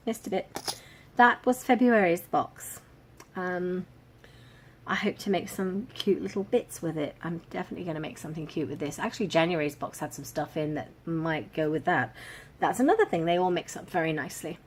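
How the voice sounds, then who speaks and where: A woman chats her way through a craft subscription box in a relaxed, amused way, laughing softly at the cute contents. Her voice sits a little low. A faint background hiss runs under the home recording. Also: moderate pace. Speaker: crafting vlogger. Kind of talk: casual unboxing chat.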